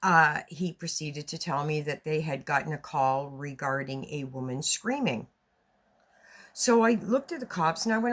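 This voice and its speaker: A woman vlogger telling a story to her viewers in a casual, animated way, swearing as she goes. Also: unhurried. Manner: animated, swearing, rises high when retelling her own lines.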